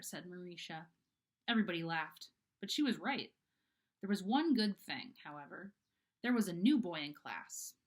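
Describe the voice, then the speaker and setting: A woman casually reading a children's book chapter aloud, chatty, with fillers and asides. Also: mid-range voice. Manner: chatty, fillers, animated character voices. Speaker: reader. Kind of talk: casual storybook read-aloud.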